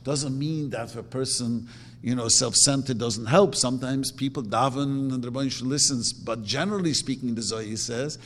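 A man's voice: medium pitch, a little fast. A middle-aged man teaching a religious lesson as a rabbi, animatedly acting out quoted prayers. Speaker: rabbi teaching a Torah class. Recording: reverberant hall with faint hum.

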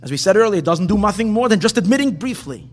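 A man giving an animated Torah class, driving his points home with rhetorical questions and repeated phrases. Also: high-pitched, quick pace. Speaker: Torah teacher.

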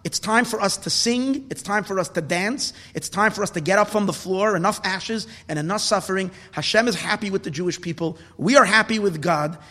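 A man preaches with passion, his high, bright voice swinging between quiet reasoning and indignant outcry. The sound carries a long reverberant tail from the room. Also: a little fast, hardly any pauses. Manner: impassioned, rising to shouts of indignation. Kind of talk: passionate Torah talk.

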